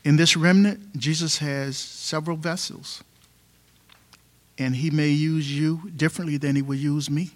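A man's voice: fairly high pitch, fairly even intonation, unhurried. A man preaching a sermon, emphatic and fond of repeating rhetorical questions.

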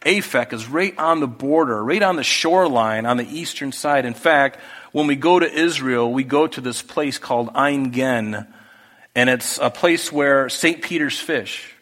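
A man preaching a sermon, talking through the text in a conversational way that moves from hushed to emphatic. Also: medium pitch, measured pace. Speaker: pastor. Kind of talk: expository sermon. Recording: echoey hall with long reverb.

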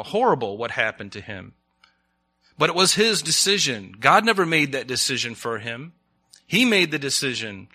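Bright-voiced male preacher. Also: fairly high pitch. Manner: conversational preaching with rhetorical questions. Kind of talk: sermon.

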